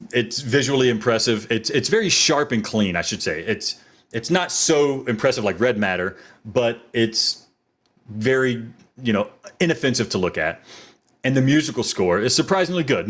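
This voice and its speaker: A man's voice: fairly low pitch, a bit bright. A man reviewing a video game in a playful mock-courtroom manner.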